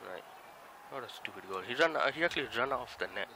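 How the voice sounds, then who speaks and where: A man's voice: mid-range voice, lively intonation, fast, heavy background noise. A young man commentating his own football video game, frustrated and ranting at his players. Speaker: gaming channel host. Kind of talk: let's play commentary.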